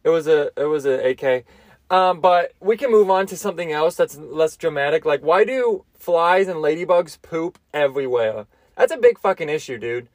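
A man's voice: fairly high pitch, lively intonation, moderate pace, no echo. A young man hosting a solo comedy podcast, telling loose, crude stories with lots of restarts and self-amused asides. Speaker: podcast host. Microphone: close mic, seated.

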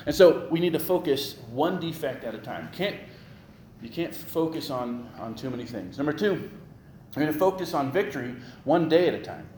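A man delivering a sermon with a fairly high voice, talking to the congregation in a casual, joking way. He gets animated as he makes his points. The room is echoey, with faint ambience behind him. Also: normal speed, slight background noise. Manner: conversational, jokey, animated preaching. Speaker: pastor.

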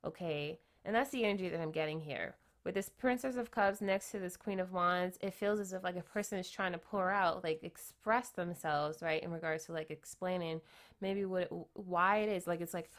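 A woman giving a casual tarot reading, chatty, often tagging her points with quick questions and repeating herself. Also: on the low side. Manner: chatty, keeps adding "right?" tag questions; repeats and restarts phrases. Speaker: tarot reader.

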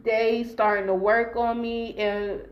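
Woman, casual storytime podcast, blunt profane talk, higher voice, dull lo-fi sound. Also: level tone, takes it slowly. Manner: blunt and profane, lots of restarts; reenacts dialogue in raised voices.

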